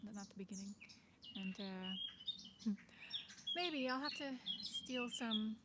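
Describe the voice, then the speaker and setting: A woman's voice: mid-range voice, slow, very noisy. A woman chatting on her livestream, hesitant and rambling, with lots of fillers and small laughs. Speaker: livestream host. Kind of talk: casual livestream chat. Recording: birdsong in the background. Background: birdsong.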